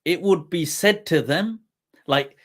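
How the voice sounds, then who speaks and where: A male host telling a humorous historical anecdote in a relaxed, chatty way, often laughing as he goes. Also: a little high. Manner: laughing while retelling a humorous anecdote, quoting poetry; slow, unhurried delivery. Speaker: host and religious teacher. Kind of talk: casual storytelling talk.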